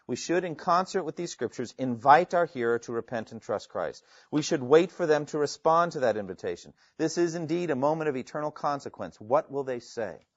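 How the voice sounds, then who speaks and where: A man's voice: on the high side, lively intonation, brisk, hardly any pauses, no room sound, highs cut off. A man teaching a class on evangelism, reading Bible passages aloud with emphasis and putting questions to his students. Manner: reads scripture aloud with rising emphasis, asks the class questions. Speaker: evangelism instructor. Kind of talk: classroom lecture with scripture reading.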